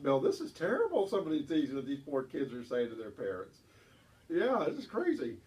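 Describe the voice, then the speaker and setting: Lively radio co-host. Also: male voice, a little high, brisk, far from the mic. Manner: animated, reads listener emails with laughing asides. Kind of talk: casual radio chat.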